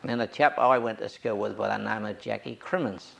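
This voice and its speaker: A man's voice: lowish voice, steady tone, a little fast, gravelly, a bit bright. An older Australian man telling anecdotes from his youth in an oral history interview, acting out the voices of the people he quotes.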